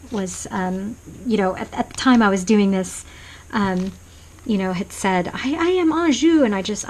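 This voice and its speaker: A woman casually showing a handmade journal page by page, rambling softly with many pauses and restarts at her home desk. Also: mid-range voice, a little hiss or hum, rough recording. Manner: rambling and soft-spoken, many ums and restarts. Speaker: craft vlogger. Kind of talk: casual show-and-tell flip-through.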